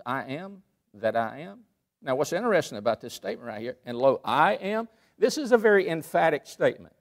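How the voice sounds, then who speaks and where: A man preaching a sermon in a church, emphatic, rising to loud peaks and dropping to quiet asides. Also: fairly high pitch. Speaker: pastor. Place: church sanctuary.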